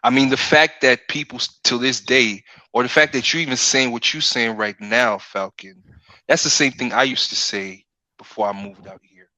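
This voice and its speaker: Bright-voiced laid-back man. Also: mid-range voice, normal speed, no echo, poor audio. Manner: laid-back, frequent "you know what I'm saying". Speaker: podcast guest. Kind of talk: casual livestream chat.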